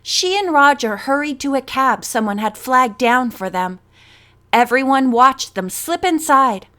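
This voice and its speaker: A woman narrating a mystery novel as an audiobook reader in a steady, measured manner. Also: on the high side. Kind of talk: reading a novel aloud.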